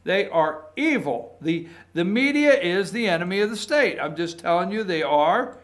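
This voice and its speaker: Male opinion host, high voice, sarcastic and combative, rambling. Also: animated, moderate pace, fairly bright tone. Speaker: political commentary host. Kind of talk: opinionated political commentary.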